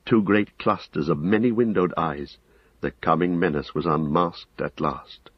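A man reading a fantasy novel aloud, measured and dramatic. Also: low voice, husky, dry recording. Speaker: audiobook narrator. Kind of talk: scripted fantasy narration. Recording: slightly dull dry recording.

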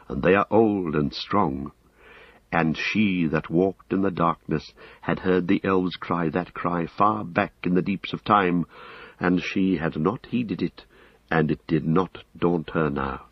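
A man reading a fantasy novel aloud, measured and dramatic. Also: low voice, slightly rough, no room sound. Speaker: audiobook narrator. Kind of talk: scripted fantasy narration. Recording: slightly dull dry recording.

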